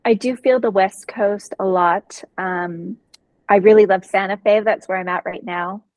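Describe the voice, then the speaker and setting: A woman, a psychologist guest in a casual interview, telling personal stories in an expressive, vivid way. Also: medium pitch, measured pace, dry recording, rough recording.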